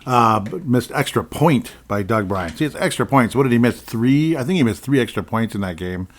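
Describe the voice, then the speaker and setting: A man's voice: mid-range voice, lively intonation, normal speed. A man hosting a casual solo sports podcast, rambling and often correcting himself as he goes. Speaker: podcast host.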